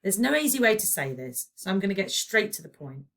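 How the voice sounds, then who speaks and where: A woman's voice: medium pitch, very animated, recorded from a distance, pitched above the performer's own voice. Woman doing an eager, cheeky young boy. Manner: quick, eager, informal.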